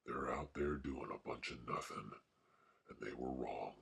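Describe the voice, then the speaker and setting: A man's voice: rumbling low, a little slow, creaky, a bit bright, breathy edge. A man vlogging and rambling casually in a wry, mock-grumpy way. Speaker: art vlogger.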